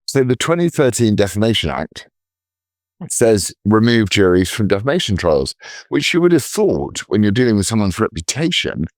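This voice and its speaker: Brief: male co-host, low and lively voice, indignant, long run-on stretches. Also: moderate pace, no echo. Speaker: podcast co-host. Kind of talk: casual political chat.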